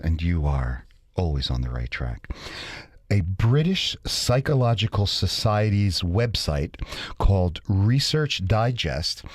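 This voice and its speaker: Low-voiced male radio co-host. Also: dry recording, studio quality. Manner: rambling, retells a study loosely. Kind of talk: casual radio chat.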